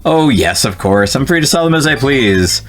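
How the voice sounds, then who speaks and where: A man's voice: medium pitch, lively intonation, normal speed, a bit bright, voice pushed up, close to an everyday voice. A man voicing a smug, shady middle-aged businessman as he reads game dialogue aloud. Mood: salesy.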